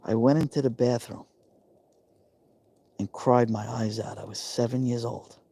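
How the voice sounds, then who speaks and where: A man's voice: medium pitch, fairly even intonation, unhurried, dark tone, breathy edge. A man, telling a personal story on a live stream in an emotional, confiding way, repeating himself for emphasis. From New York. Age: 50s.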